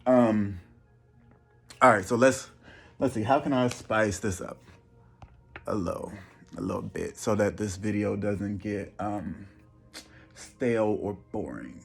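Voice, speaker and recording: A man vlogging casually, stumbling and repeating words with many pauses. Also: fairly low pitch, creaky, slightly rough, faint music behind. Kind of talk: casual vlog talk.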